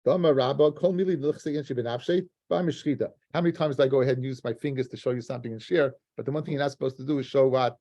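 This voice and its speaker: A man teaching a Talmud lesson in an animated, conversational way, using Hebrew and Yiddish terms. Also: medium pitch, racing, few pauses, muffled recording.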